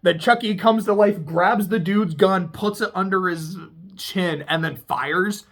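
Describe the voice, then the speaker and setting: A speaker casually recapping a TV episode, excitable and profane, laughing often. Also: mid-range voice, a little slow. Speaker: TV show reviewer.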